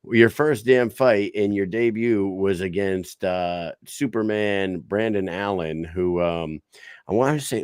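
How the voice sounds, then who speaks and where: Deep-voiced dude introducing fighters, cussing casually, dry close sound. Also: male voice, no room sound. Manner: hyped, swears casually when introducing guests. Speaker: podcast co-host. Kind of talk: casual chat.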